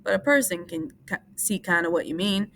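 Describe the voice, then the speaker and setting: A woman's voice: medium pitch, animated, a little fast, gravelly. A woman reading aloud and voicing a vain, restless young ranch wife who talks in a chatty, coaxing way. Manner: chatty, coaxing, then sharp.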